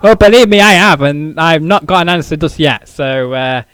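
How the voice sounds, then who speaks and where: A British man with a fairly high voice hosts a casual podcast interview over a dry, close recording. He talks haltingly, stumbling over and repeating his words with plenty of fillers. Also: fairly bright tone, clean tone, dry recording. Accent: British English. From United Kingdom. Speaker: podcast host.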